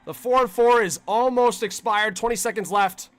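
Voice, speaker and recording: A man hosting a livestream and calling the game play by play as a fan. He talks in a casual, slangy way to his chat and breaks into excited shouts on big plays. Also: sits high, normal speed. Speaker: livestream host.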